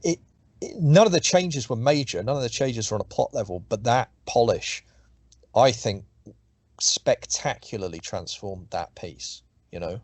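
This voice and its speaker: Animated yet unhurried, a middle-aged man being interviewed talks about his writing, rambling loosely, cursing, and starting sentences over. He has a mid-range voice with a breathy edge, recorded dry.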